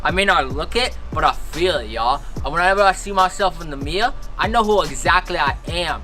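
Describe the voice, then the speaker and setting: A man's voice: on the high side, animated, a little fast, pushed and bright, soft background music. A young man in a comedy sketch playing a white guy who puts on heavy street slang and swagger. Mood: proud.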